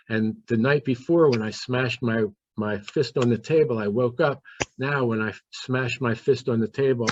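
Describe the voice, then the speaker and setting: Male guest, mid-pitched, earnest storyteller voicing his inner monologue; dull lo-fi sound. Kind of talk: personal storytelling. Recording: dull, dry lo-fi recording.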